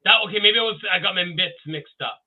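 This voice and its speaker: High-voiced canadian guy calling in on a tinny phone-ish line, jokey and loud. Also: fast. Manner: excitable, jumps into loud joking voices. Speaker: guest. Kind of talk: casual podcast chat.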